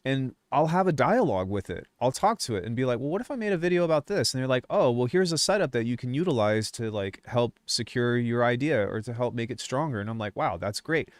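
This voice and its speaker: Speaking briskly with few pauses, this young male streamer, a music producer on YouTube, delivers a profane, rambling, fired-up livestream rant. His medium-pitched voice has lively intonation. The mic is dry, with no room sound.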